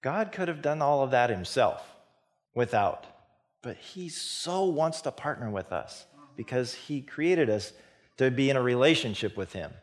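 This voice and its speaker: A man's voice: mid-range voice, a little slow. A man preaching a casual sermon, retelling a Bible story in plain everyday talk and acting out the dialogue with chuckles. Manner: animated storytelling, acts out dialogue with laughs. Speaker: pastor.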